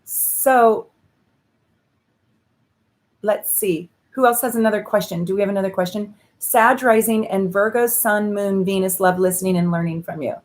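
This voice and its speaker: Bubbly and effusive, laughing and saying "um," a woman astrologer pulls tarot cards for viewers during casual live-stream chat. She talks at normal speed in a medium pitch.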